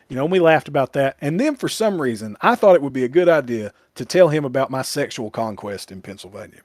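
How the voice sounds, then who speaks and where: A man's voice: medium pitch, animated, quick pace, few pauses, a little mellow, no echo, studio quality. A man with a Kentucky accent, a podcast guest, telling a rambling, self-mocking story in casual chat.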